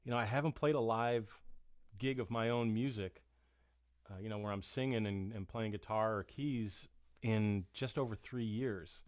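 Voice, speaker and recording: A man's voice: lowish voice, normal speed, clean tone, no echo, clean studio sound. A man in his fifties chatting as a musician guest, rambling and self-deprecating, with many restarts. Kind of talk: casual chat.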